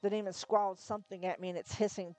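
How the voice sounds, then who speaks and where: A woman reading a novel aloud on a live stream, narrating in the first person with steady storytelling and occasional self-corrections. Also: mid-range voice, quick pace, no room sound, faint music behind. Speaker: narrator, reader.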